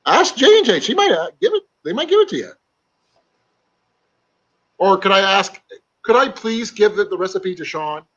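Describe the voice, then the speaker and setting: A man's voice: high voice, very animated, moderate pace, long pauses, a bit bright, dull audio. A man from Iowa joining a casual live-stream chat as a guest, chatty and rambling. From Iowa, USA.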